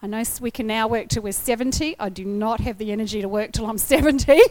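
Woman, fifties, preacher giving testimony; bright high voice, dry recording, acts out her reactions. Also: fast talker, dry recording. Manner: animated storytelling, acting out her own reactions. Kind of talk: sermon with personal testimony.

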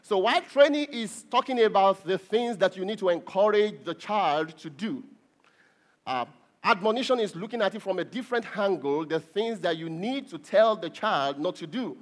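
A middle-aged man preaches with a high, bright voice. His pitch swings widely, leaping up on key words and sinking low on asides. He presses his points home with emphatic repetition. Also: expressive, normal speed. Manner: preachy, rising to emphatic peaks with repeated words. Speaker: pastor. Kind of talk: sermon.

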